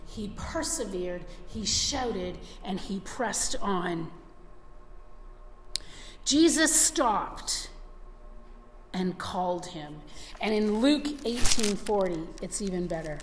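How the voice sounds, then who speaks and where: A woman preaches a sermon earnestly, restarting often and acting out the voices of people she quotes. Her medium-pitched voice has lively intonation and is very slow with long pauses, recorded in a very echoey hall with faint room ambience and slight background noise.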